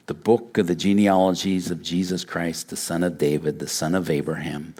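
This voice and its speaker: A man preaching a verse-by-verse Bible sermon, reading scripture aloud and acting out the dialogue of the story with lively energy. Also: sits low, measured pace. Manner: animated retelling, acts out dialogue. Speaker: pastor.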